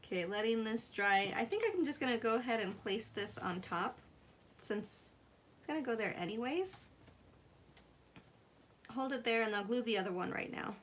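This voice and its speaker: On a live craft stream, a young woman chats casually in an animated, higher-pitched voice at a moderate pace, pausing often. She laughs a lot and reads the chat out loud in a giggly way.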